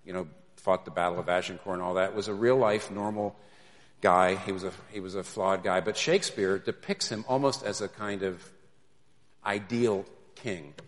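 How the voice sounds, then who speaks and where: Conversational pastor preaching in a reverberant hall. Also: male voice, deep voice, fairly even intonation, moderate pace. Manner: conversational, builds to emphatic peaks. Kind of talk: sermon.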